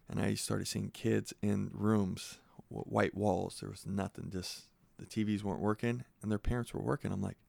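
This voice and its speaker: A man's voice: fairly low pitch, gravelly, dry recording. A man from San Jose, a sheriff's sergeant, telling stories earnestly in an interview and acting out what people said. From San Jose, California. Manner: earnest, animated storyteller acting out quotes. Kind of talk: conversational interview storytelling.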